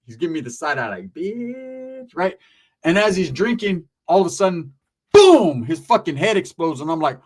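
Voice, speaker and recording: Animated, profane man telling a wild story. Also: a little high. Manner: animated, profane, street slang, sound effects. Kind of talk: casual storytelling chat.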